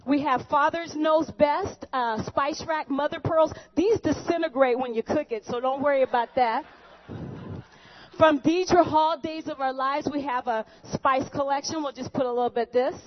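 A woman's voice: high-pitched, moderate pace. A woman hosting a comic cooking show skit, chatty and joking with the viewers. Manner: chatty, jokey, talks to viewers. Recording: dull lo-fi recording.

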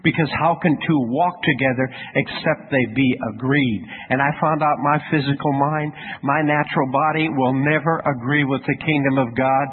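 A man preaching to his congregation in a folksy storytelling manner, turning to ask his listeners questions. His voice sits a little high for a man. It comes through a narrow, phone-like radio sound with a faint hiss underneath. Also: steady tone, moderate pace, hardly any pauses. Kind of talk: sermon.

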